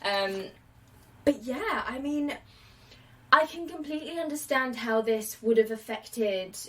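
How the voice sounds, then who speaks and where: A woman's voice: fairly high pitch, unhurried, recorded from a distance, rough recording. Casual woman podcast host, late twenties, chatty with filler words, a touch off-mic. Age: late 20s. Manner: chatty, animated, many fillers and quoted asides. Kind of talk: casual film podcast chat.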